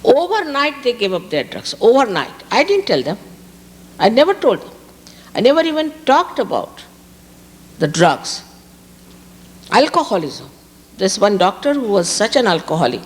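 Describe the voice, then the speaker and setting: A woman's voice: on the high side, sing-song, normal speed, long pauses, in a large hall. A woman from India, giving a spiritual talk to an audience and stressing her points by repeating key words. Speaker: spiritual teacher. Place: outdoor park gathering.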